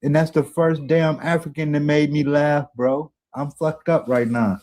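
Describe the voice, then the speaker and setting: A man's voice: fairly high pitch, steady tone, measured pace, darkish tone. A man in casual chat with a stream host, swearing, repeating himself and laughing a lot.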